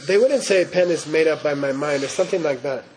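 A man's voice: on the high side, brisk, a little mellow, a little hiss or hum. A man giving a Buddhist teaching in class, in a playful way, often checking in with his listeners. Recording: roomy hall echo.

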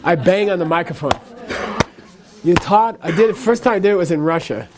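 A man with a high voice teaches a Buddhist class. He talks loosely and conversationally, and he keeps checking in with his listeners. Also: lively intonation, fairly quick, noisy background. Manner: conversational, frequent "okay?" and "you know".

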